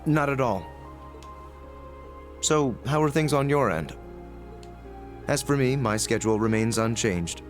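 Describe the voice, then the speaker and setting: A man voicing a composed young nobleman in a video game, speaking in a measured, dry way. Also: mid-range voice, expressive, soft background music, close to an everyday voice.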